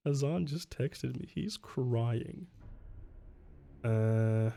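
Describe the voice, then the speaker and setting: A man's voice: medium pitch, expressive, drawn-out words, gravelly, mellow. A man casually playing through a solo tabletop game on stream, reading rules aloud, answering chat and laughing often. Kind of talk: casual livestream play-through.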